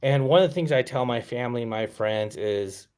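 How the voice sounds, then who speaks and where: A man in his fifties co-hosting a live stream in casual chat, relaxed and agreeable, often chiming in with short replies. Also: mid-range voice, fairly quick, clean tone. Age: 50s.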